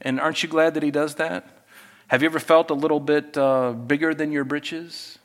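A man's voice: fairly high pitch, fairly even intonation, moderate pace. A middle-aged male pastor preaching a conversational sermon, often asking the congregation questions.

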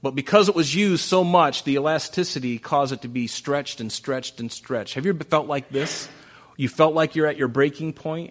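Preaching at a normal speed in a fairly high voice, this male pastor keeps his sermon conversational. His delivery moves from emphatic, loud statements to quiet, whispered passages, and he tends to say phrases more than once.

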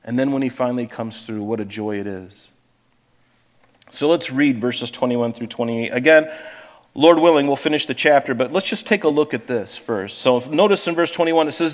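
A man's voice: mid-range voice, normal speed, long reverb tail. A man preaching a sermon as pastor, earnest and conversational, often repeating words as he searches for the next one.

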